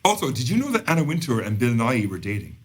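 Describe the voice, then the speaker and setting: A young man co-hosting a podcast in casual chat, animated and quick to get worked up, laughing often. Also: mid-range voice, slight background noise. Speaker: podcast co-host.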